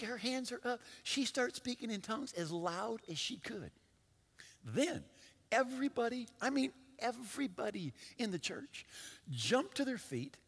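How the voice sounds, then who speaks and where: Pastor guy preaching, goes big then hushed, bit husky, lots of hall echo. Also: a little high. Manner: animated storytelling, quick shifts between loud and hushed. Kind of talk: sermon.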